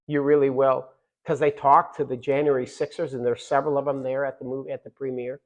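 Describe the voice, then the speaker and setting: A middle-aged man giving a fiery political speech, loud and punchy with repeated lines and quiet asides. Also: medium pitch, flat delivery, quick pace, dull audio.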